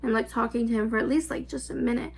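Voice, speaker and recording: High-voiced young woman rambling a story. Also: steady tone, fast, vocal fry, darkish tone, slightly rough. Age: 20s. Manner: rambling, filler-heavy, swearing, giggly. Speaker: vlogger. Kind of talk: casual storytime.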